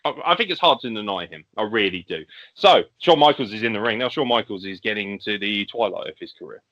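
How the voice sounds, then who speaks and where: A man's voice: lowish voice, expressive, fast, fairly bright tone. A man on a podcast, animatedly laying out a fantasy wrestling show and acting out the wrestlers' lines. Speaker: podcast guest. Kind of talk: casual podcast chat, fantasy wrestling booking. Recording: lo-fi podcast audio.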